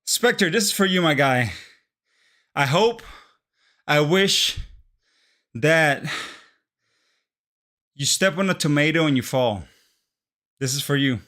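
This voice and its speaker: A young man streaming live in casual chat, excitable and swearing freely, calling everyone bro and dropping in Spanish phrases. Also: on the high side. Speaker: livestreamer.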